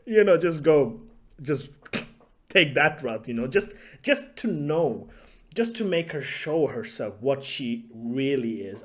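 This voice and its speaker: Young guy YouTuber, swears a lot, sarcastic, animated pitch, casual storytelling. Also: takes it slowly. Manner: profane, sarcastic, laughs often.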